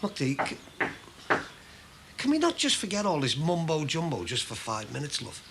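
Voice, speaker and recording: A mouthy middle-aged shopkeeper, sarcastic and quick to rant. His voice sits high and bright, with wild swings in pitch. It is a scene from a TV soap opera. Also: huge pitch swings, slight background noise, full character voice. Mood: heated. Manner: blunt, sarcastic, ranting.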